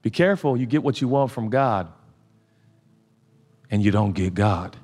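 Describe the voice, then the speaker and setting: A male pastor preaching, swinging between loud emphatic passages and quiet, intimate asides. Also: fairly low pitch, expressive, normal speed. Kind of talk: sermon. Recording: hall reverb.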